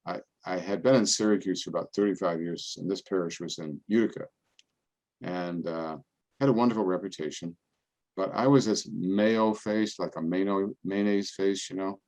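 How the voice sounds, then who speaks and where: An older man, a priest, giving a relaxed, conversational talk full of homely anecdotes and playful voices for the people in them. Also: low-pitched, moderate pace. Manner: folksy storytelling, acts out other people's voices. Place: parish event, indoors.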